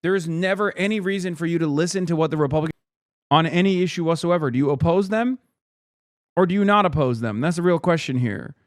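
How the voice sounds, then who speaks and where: Blunt, profane male streamer, dry mic. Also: no echo. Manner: blunt, profane, mocking, fast asides; jumps into high sarcastic voices to mimic others. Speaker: streamer reacting to videos and chat. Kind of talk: casual livestream commentary.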